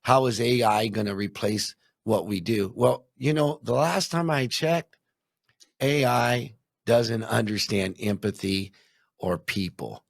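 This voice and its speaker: A man's voice: medium pitch, steady tone, slow pace, gravelly, dry recording, studio quality. A man hosting an interview, responding with enthusiasm and thinking aloud. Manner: enthusiastic, thinking aloud with many "you know"s. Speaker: podcast host. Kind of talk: casual interview chat.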